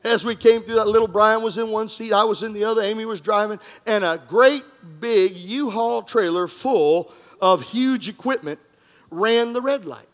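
A pastor preaching an energetic sermon to his congregation, telling stories with jokes and bursts of shouting. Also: sits high, moderate pace. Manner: animated, joking, breaks into shouts. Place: church congregation room.

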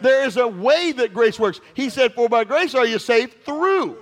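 A man preaching a sermon, repeating phrases, calling for responses and shouting the key lines. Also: very high-pitched, expressive, a little slow. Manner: call-and-response, repetitive and emphatic, shouts at peaks.

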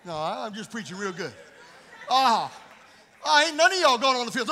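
A male pastor preaching a blunt, scolding sermon. He swings from plain talk to loud shouting. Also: very high voice, big pitch swings, fairly quick, pauses often, a faint crowd. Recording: reverberant church hall.

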